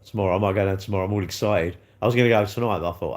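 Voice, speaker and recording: A man chatting casually with viewers on a livestream, bantering as he reads comments, his throat a little hoarse. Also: deep voice, racing. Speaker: livestream host.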